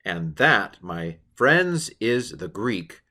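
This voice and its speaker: A man giving an informal lesson on Greek grammar, chatty and halting, with many fillers and playful asides. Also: lowish voice, sing-song, sharp tone. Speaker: Greek teacher.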